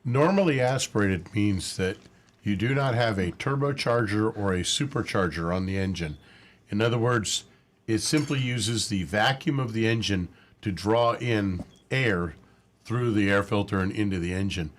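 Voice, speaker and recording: A man's voice: fairly low pitch, normal speed. A man on a call-in car show answering a caller with a plain, patient explanation. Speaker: car expert co-host.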